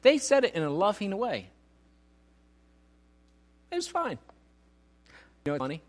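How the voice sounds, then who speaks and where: With a high voice whose pitch swoops wildly, this middle-aged pastor preaches at a measured pace. His sermon is conversational and self-deprecating, full of restarted sentences.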